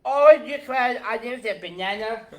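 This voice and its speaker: A man's voice: sits high, a bit bright. A man co-hosting a podcast, trading knock-knock jokes and short, playful replies. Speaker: podcast co-host.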